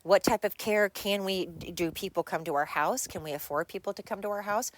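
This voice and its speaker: A woman's voice: medium pitch, fairly quick, no room sound. A woman hosting her own podcast, talking bluntly and candidly in a rambling solo monologue. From United States. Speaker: podcast host.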